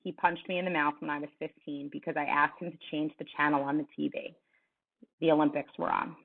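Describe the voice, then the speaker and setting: A woman's voice: low-pitched, flat delivery, fairly quick, gravelly. A woman reading aloud as a firm middle-aged male coach, blunt and somber. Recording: tinny phone-like sound.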